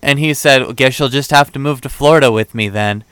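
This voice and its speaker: Clear and resonant, the young host's medium-pitched, slightly bright voice runs a little fast on a dry recording. His casual podcast chat rambles through a dating story, the quoted exchanges acted out and peppered with fillers.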